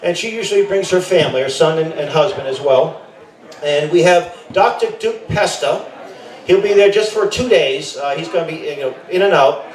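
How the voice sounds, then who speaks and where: A middle-aged man with a fairly high voice gives a loose, rambling rally speech. He keeps correcting himself mid-sentence and drops in joking asides. The recording is echoey, and he sounds a little far from the mic. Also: moderate pace. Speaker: camp director speaking at a rally. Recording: echoey, voice from a distance.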